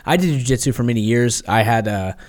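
A man speaking as a podcast guest, earnest and halting, often restarting his sentences, and sounding tired. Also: mid-range voice, expressive, a little mellow. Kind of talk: candid conversation.

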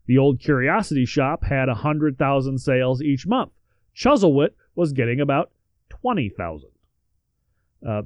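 A man's voice: mid-range voice, no echo. A man co-hosting a podcast, reading out history in a casual way with joking asides and the odd swear word. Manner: reads facts then adds joking asides and swearing. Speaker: podcast co-host.

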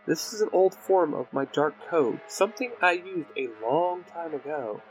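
A man's voice: a little high, lively intonation, normal speed, faint music behind, pitched above the performer's own voice, lightly acted, poor audio. A man voicing a scheming villain lord who broods in a cyber realm. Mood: brooding.

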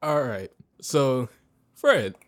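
A man's voice: mid-range voice, very animated, drawn-out words. A man co-hosting a casual podcast from his own recording spot, chatting loosely and swearing freely. He breaks into laughter often and keeps the banter rolling. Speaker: podcast co-host. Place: home setup, recording separately from co-host.

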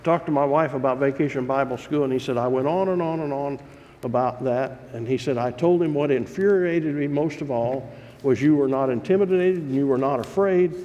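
A pastor preaching a sermon, telling stories in a folksy, earnest way. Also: male voice, mid-range voice, brisk, warm tone, muffled recording. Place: church sanctuary. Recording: long reverb of a large hall.

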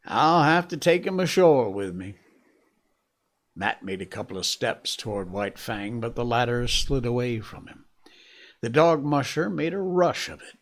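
A man reads a classic novel aloud, slow and deliberate. His voice is gravelly and sits at a middling pitch, and the story unfolds at an unhurried pace. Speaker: audiobook narrator. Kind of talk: scripted narration of a classic novel.

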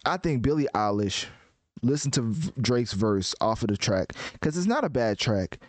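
A man giving casual music commentary in a rambling, animated way, often restarting his sentences. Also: mid-range voice, moderate pace, no room sound.

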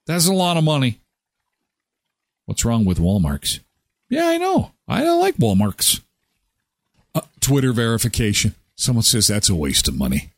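A man in his thirties hosting a live daily show, chatting casually and joking with lively jumps in his voice. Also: medium pitch, moderate pace, dry recording, clean studio sound. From Canada. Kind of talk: casual solo commentary.

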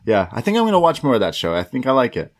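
A man's voice: medium pitch, huge pitch swings, racing. A man co-hosting a podcast, casually recapping a show and acting out the quoted lines as he retells them. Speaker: podcast co-host.

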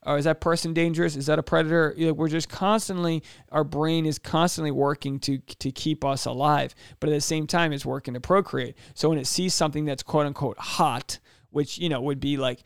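A man's voice: fairly even intonation, moderate pace, creaky, clean tone, no room sound, studio quality. A man hosting a solo podcast, talking casually and animatedly, with joking asides and acted-out quotes. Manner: acts out quoted voices with big pitch jumps. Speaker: podcast host.

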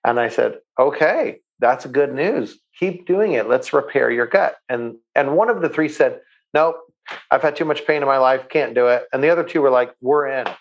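Enthusiastic male guest, gravelly voice, muffled lo-fi sound. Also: medium pitch, lively intonation, moderate pace. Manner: enthusiastic, repeats words when starting sentences. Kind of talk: interview answers, storytelling.

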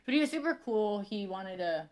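A woman hosts a podcast in a loose, casual chat. She tells stories with lots of swearing and quick laughs, and her voice sits at an everyday middle pitch. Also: animated, a crowd in the background. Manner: profane, laughing storyteller. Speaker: podcast host.

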